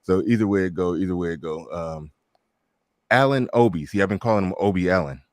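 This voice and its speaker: On a casual livestream, a man hosts a loose talk show, joking, swearing, and laughing at his own stories as he chats with his audience. His voice is low and his pace brisk. The studio-quality recording has no room sound.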